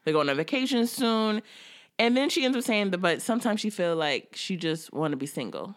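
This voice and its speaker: A woman's voice: mid-range voice, fairly quick. A woman co-hosting a casual TV recap, laughing often and acting out scenes. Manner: laughing, animated, acts out scenes. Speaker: podcast co-host.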